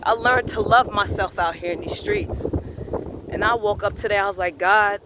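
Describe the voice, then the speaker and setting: A man giving a slow, earnest spiritual affirmation monologue, repeating his phrases as a motivational vlogger. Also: high-pitched, noisy background.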